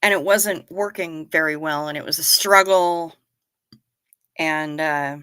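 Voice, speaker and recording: A middle-aged woman hosts a casual livestream, telling stories straight to her viewers. Her voice sits fairly low but carries a forceful, tense edge. The sound is close and dry. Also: a little slow, smooth, no room sound. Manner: animated storyteller, talks straight to viewers. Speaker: livestream host. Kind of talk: casual chat reading viewer comments.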